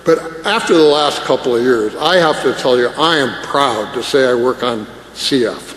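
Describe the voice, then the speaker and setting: A man's voice: medium pitch, moderate pace. A man, a scientist, giving an emotional, self-deprecating conference talk with jokes. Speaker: scientist speaker. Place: large conference hall. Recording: echoey hall with faint noise.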